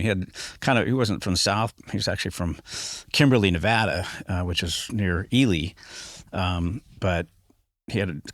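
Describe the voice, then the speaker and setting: Low gravelly man, easygoing rambling talk. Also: a bit bright, no room sound, clean studio sound. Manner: rambling, many fillers and restarts. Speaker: podcast guest, photographer. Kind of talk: casual conversation.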